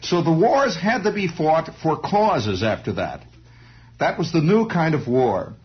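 A man's voice: fairly high pitch, sing-song, measured pace, husky. A man telling a rambling comic monologue in a wry storytelling manner, throwing in sound effects. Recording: dull lo-fi recording.

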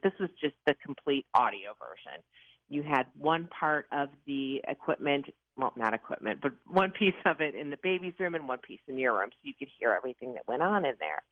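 A woman in her fifties from the Chicago area, a paranormal investigator telling her stories in an interview with lively, dramatic, self-mocking delivery. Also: sits low, no echo. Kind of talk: animated storytelling interview. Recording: tinny phone-like line, dry.

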